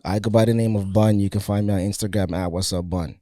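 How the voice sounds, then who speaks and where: A man hosting a podcast in casual chat, loose and joking and quick to laugh. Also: lowish voice, steady tone, warm tone, dry recording, clean studio sound. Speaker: podcast host.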